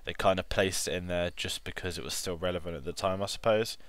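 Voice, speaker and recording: A man co-hosting a casual film review, talking in a relaxed, rambling way with lots of "like" and "kind of". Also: low voice, fast talker, no room sound.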